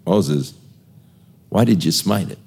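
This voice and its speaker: A man doing a stern, measured divine voice. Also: deep voice, animated, gravelly, darkish tone, slightly rough, voice pushed down, exaggerated voice. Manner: firm, measured. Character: stern, weary divine father figure, male.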